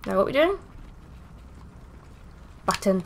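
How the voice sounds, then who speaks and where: A woman's voice: mid-range voice, very animated, slow pace, vocal fry, slight background noise. A woman giving casual, sarcastic gameplay commentary as she plays, swearing freely. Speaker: gaming video host.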